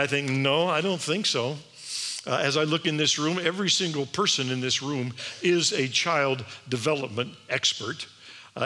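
A man's voice: a little high, pushed and bright. A man giving an emphatic sermon-style address to an audience in a large hall, asking many rhetorical questions. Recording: long hall reverb.

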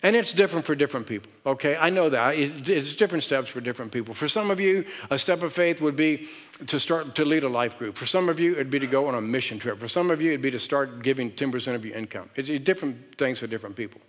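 A middle-aged pastor from the Southern United States, with a Southern American accent and a fast, mid-range voice, preaches on stage in a large church auditorium. He tells stories animatedly, asks rhetorical questions and draws call-and-response from the audience, with long hall reverb on the recording.

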